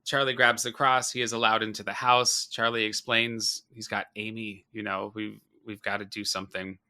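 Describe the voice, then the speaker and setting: A man's voice: lowish voice, flat delivery, moderate pace, pushed and bright. A man hosting a podcast, recapping a film in loose, profane casual chat and laughing often. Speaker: podcast host.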